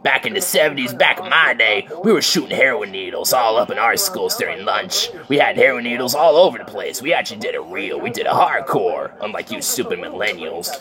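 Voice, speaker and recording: A man putting on a grumpy old man who gruffly scolds young people, with a crowd behind. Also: fairly low pitch, animated, brisk, few pauses, close to an everyday voice. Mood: scornful.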